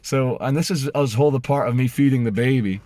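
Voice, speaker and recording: A middle-aged British man ranting to camera as he tells a story, animated and sarcastic. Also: mid-range voice, fairly quick, no echo. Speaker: vlogger. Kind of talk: casual storytelling rant to camera.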